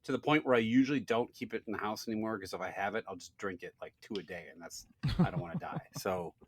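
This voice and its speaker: A man with a lowish voice chats casually on a podcast and drops self-mocking deadpan jokes. His sound is dry and close to the mic. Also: quick pace, dry recording. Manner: self-deprecating, joking deadpan asides. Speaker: podcast co-host. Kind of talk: casual chat.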